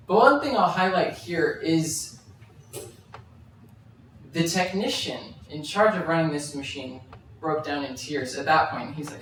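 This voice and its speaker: A man presents on stage, telling a story and working through his points with frequent fillers and restarts. His voice sits fairly high. The hall is heavily echoey and he sounds distant from the mic, with faint room noise underneath. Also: measured pace, a bit bright. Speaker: conference speaker. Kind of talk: live presentation.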